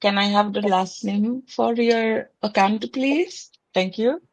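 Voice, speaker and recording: A woman's voice: mid-range voice, slow, dry recording. A woman voicing a polite adult call-center operator with a put-on Indian English accent, in formal phone-service phrasing.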